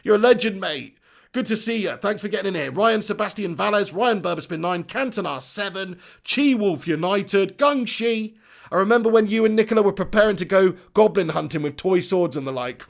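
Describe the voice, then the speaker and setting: A man hosting a football live stream, chatty and upbeat, giving shout-outs to viewers. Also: high-pitched, brisk, creaky. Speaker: football channel host.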